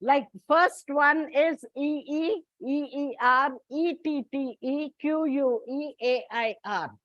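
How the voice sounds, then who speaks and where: Slow, high-voiced Indian English woman teacher. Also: fairly bright tone, no room sound, highs cut off. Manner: explains patiently, addresses students as children. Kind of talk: exam coaching lecture.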